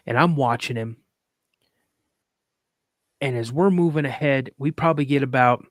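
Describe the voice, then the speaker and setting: A man's voice: mid-range voice, dry recording, studio quality. A man, a podcast guest, telling a story casually and animatedly, acting out quoted dialogue in a raised voice and at moments fighting back tears.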